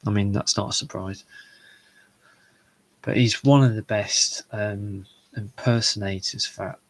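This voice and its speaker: Rambling low-voiced man. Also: steady tone, poor audio. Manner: rambling, halting, many fillers and restarts. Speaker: show host. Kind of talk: solo live chat about comedy shows.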